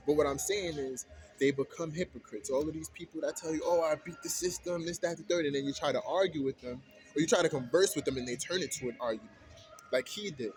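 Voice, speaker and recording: Man ranting in a casual vlog. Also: medium pitch. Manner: heated, colloquial, repetitive retelling.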